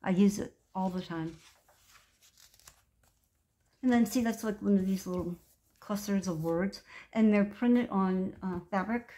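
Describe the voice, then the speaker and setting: A woman's voice: medium pitch, measured pace, pauses often, mellow. Chatty woman in her sixties gushing over crafts. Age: 60s. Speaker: craft vlogger. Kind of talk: casual craft show-and-tell.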